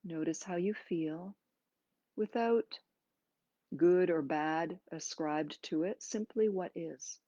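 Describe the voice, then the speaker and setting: A woman yoga teacher talks a class through its breathing, slow and gentle, leaving pauses between her instructions. Her voice is mellow and a little low. The recording is dry and slightly dull, with a lo-fi edge. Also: no echo. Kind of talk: guided breathing and movement class.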